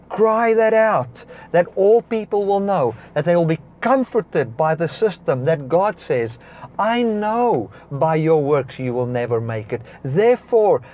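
A man preaching a sermon, stopping now and then to correct himself and clear his throat. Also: fairly high pitch, slight background noise. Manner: preaching with swings between soft and raised passages. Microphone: device recording a broadcast, battery powered.

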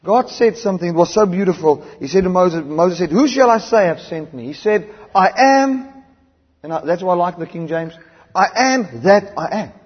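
A man preaching a sermon, switching between loud emphatic declarations and quiet low asides. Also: animated, normal speed, slightly rough. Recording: dull sound with long hall reverb.

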